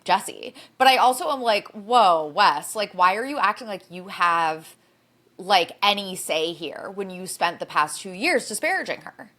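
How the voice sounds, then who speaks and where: A woman's voice: medium pitch, animated, measured pace, fairly bright tone. A young woman co-hosting a gossip podcast, chatting casually with strong opinions and easy laughter. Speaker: podcast co-host. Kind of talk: casual chat.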